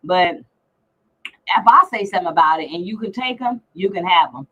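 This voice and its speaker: A woman's voice: lowish voice, lively intonation, normal speed, pushed and bright, slightly rough, highs cut off. A middle-aged woman hosting a casual livestream chat, teasing and brash as she reads out comments. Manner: brash, teasing, salty language. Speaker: livestream host.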